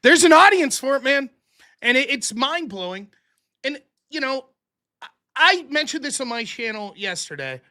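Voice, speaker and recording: A man hosting a podcast in casual chat, reading viewer messages and joking around. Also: very high-pitched. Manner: animated, joking, quick to laugh. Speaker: podcast host reading super chats.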